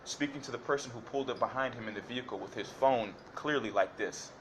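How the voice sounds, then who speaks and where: A man's voice: medium pitch, fast, noisy background. A man giving detailed courtroom testimony to a judge, hesitant and repetitive with many fillers and restarts. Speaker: defendant addressing a judge.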